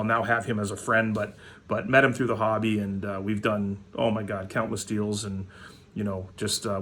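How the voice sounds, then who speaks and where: A plain-voiced man from Manitoba rants at the camera about his card hobby. He talks bluntly, swears constantly and rambles, with lots of ums and restarts. His pitch sits in an ordinary middle range. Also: vocal fry, a bit bright, breathy edge. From Manitoba, Canada. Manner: blunt, profane, rambling, with frequent fillers. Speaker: hockey card vlogger. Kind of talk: casual profane rant.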